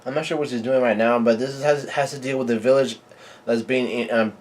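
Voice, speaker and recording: A man giving a live reading and reaction to a comic chapter, in a halting, stumbling way full of restarts. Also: mid-range voice, steady tone. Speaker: manga reader and reactor.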